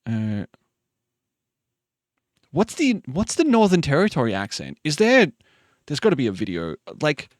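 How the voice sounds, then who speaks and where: Lively Queensland-accented man chatting on stream. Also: mid-range voice, no room sound, studio quality. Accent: Australian, Queensland. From Queensland, Australia. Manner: chatty, laughing, swearing, sleepy. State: sleepy. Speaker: livestream host. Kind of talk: casual chat reading viewer messages.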